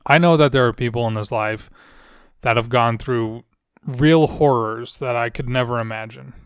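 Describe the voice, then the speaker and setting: A man's voice: mid-range voice, moderate pace, clear, resonant tone, no room sound. A young man hosting a solo podcast, talking earnestly and searchingly into a close microphone. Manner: earnest, searching, soft-spoken. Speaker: podcast host. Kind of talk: solo reflective podcast talk.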